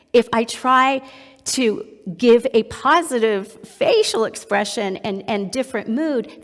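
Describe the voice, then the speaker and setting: Middle-aged woman lecturing in a reverberant hall. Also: on the high side. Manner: demonstrative, acts out soothing a baby in soft tones. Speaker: psychologist presenter. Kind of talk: webinar lecture.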